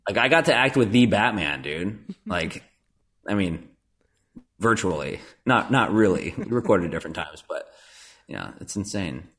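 Low-voiced man chatting loosely. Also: lively intonation, normal speed, a bit bright, slight background noise. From Nebraska. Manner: rambling, self-deprecating, fillers and restarts. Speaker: voice actor guest. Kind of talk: casual podcast chat.

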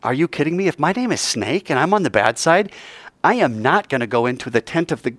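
Animated male Bible teacher, wide-swinging slightly high voice, joking and vivid. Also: fairly quick, no room sound, studio quality. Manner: joking, vivid, addresses listeners directly. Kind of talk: animated storytelling lesson. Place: hot indoor room.

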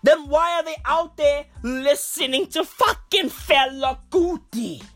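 A woman's voice: high voice, slow pace, soft background music. A woman from Africa in a brash, profane, slangy comic rant, walking outdoors. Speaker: vlogger.

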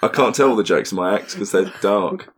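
A man's voice: on the low side, fairly quick, slight background noise. A man co-hosting a podcast, joking, laughing and swearing freely in casual chat. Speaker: podcast co-host, comedian.

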